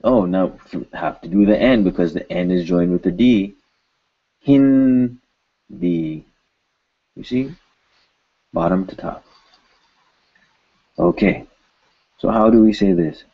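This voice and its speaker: A man's voice: deep voice, slow pace, pauses often, breathy edge, phone-quality sound. A man teaching pronunciation, patiently repeating each word several times. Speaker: language teacher. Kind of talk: pronunciation lesson.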